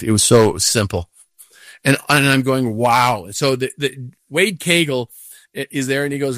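An older man, a professional golfer as guest, telling a story casually in an animated way, acting out what he said to himself. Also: fairly high pitch, measured pace, dry recording, studio quality. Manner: animated storytelling with acted-out inner voices.

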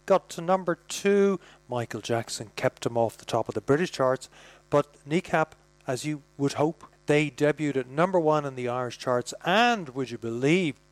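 A man presenting a radio show in a relaxed, chatty way. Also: medium pitch, no room sound. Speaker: radio host.

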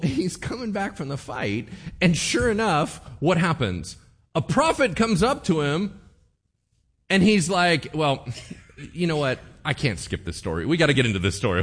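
A man's voice: on the high side, fairly bright tone, breathy edge. A male pastor preaching a sermon in a casual, joking storytelling manner, laughing often.

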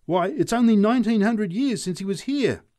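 A man voicing an excitable drunk who exclaims in a high voice. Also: normal speed. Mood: mocking.

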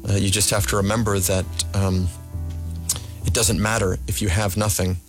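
A man speaks reflectively in an interview, hesitant and searching for words. His voice sits fairly low, and music is clearly heard behind him. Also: level tone, normal speed. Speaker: guest.

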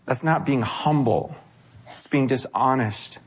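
A man with a high voice gives a conversational sermon. He keeps it loose and animated, slipping into the voices of the people he quotes. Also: a little slow. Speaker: pastor.

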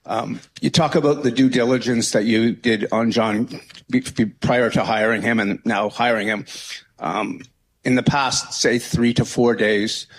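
A man, a newspaper columnist, asking a pointed, deliberate question at a press conference. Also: lowish voice, slightly rough, rough recording.

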